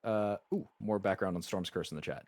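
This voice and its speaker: A man's voice: low voice, brisk, a little mellow, dry recording. A man streaming a game live, reading its story text aloud and chatting casually with frequent stammered restarts.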